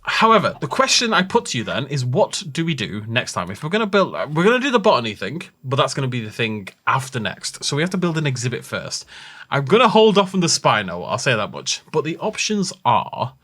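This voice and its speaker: A man's voice: mid-range voice, huge pitch swings, brisk, fairly bright tone, breathy edge. A man hosting a Minecraft let's-play, rambling and thinking aloud as he chats casually with his viewers. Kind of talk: casual gameplay commentary.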